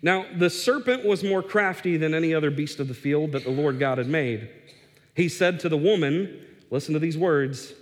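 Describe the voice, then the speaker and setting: Man preaching with an emphatic, slightly high voice. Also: expressive, moderate pace. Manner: emphatic, repeats words for stress, with fillers and restarts. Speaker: pastor. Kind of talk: sermon. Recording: echoey hall reverb.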